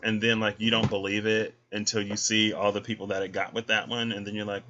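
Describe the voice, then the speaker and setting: A man's voice: on the low side, little pitch movement, a little fast, bright, forceful tone, slight background noise. Sassy, chatty male tarot reader. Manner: sassy, chatty, talks to the listener as "girl". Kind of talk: casual tarot reading talk. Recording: dull lo-fi sound.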